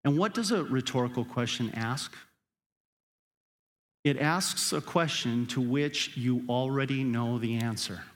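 A man preaching a sermon as a pastor, talking straight to the congregation and building to urgent emphatic peaks before dropping back down. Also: medium pitch. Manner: conversational, speaks directly to the congregation.

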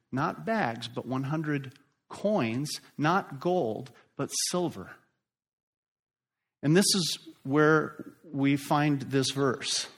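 A middle-aged pastor delivers his sermon at an unhurried, deliberate pace. His voice sits at an ordinary male pitch. He swells with force on the points he wants to land. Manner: slow, emphatic preaching that rises and drops in force.

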